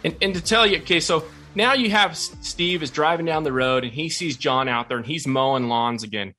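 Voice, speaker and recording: Bright-voiced male motivational host. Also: fairly high pitch, a little fast, soft background music. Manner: emphatic storytelling with repetition. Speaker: podcast host. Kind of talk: motivational talk.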